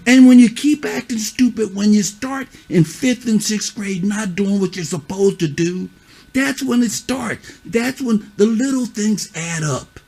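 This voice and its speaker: High-pitched man scolding kids bluntly. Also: a little slow, creaky, darkish tone. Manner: scolding, repeats "huh?" and "you see what I'm saying"; blunt, curses. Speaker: youth mentor. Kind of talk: stern lecture to children.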